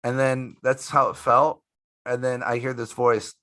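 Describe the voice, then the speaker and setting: A middle-aged man from the United States tells a story in a loose interview, with plenty of swearing and repeated phrases. His voice sits in an ordinary middle pitch. The sound is close and dry, with no room around it. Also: level tone, measured pace, sharp tone, dry recording. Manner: emphatic, profane, repeats himself. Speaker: guest magician.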